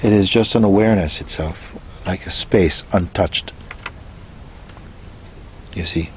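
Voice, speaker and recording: A man with a very low voice speaks as a spiritual teacher, answering a question in a soft, unhurried way. He muses gently and leaves pauses between his thoughts. A faint hiss of noise sits behind him.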